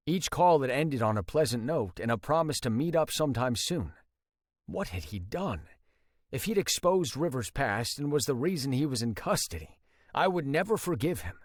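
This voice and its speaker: A man's voice: medium pitch, dry recording, clean studio sound. A man narrating a romance audiobook in first person, tense and intense.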